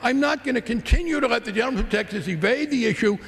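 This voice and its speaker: A man's voice: very high-pitched, lively intonation, fast talker, creaky, a bit bright. A congressman giving a combative, sarcastic floor rebuttal in a large legislative chamber. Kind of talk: floor debate speech. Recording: long reverb of a large chamber.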